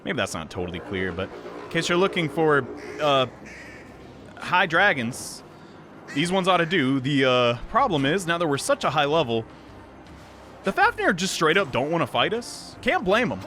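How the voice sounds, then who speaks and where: A man's voice: a little high, big pitch swings, moderate pace, sharp tone, slight background noise. A man giving casual gameplay commentary as the host of a let's play, wry, sarcastic and chatty.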